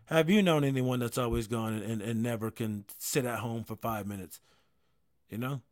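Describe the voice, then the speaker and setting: A man's voice: mid-range voice, moderate pace. A man in his thirties hosting a casual talk show, rambling with many restarts and frequent swearing. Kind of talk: casual chat.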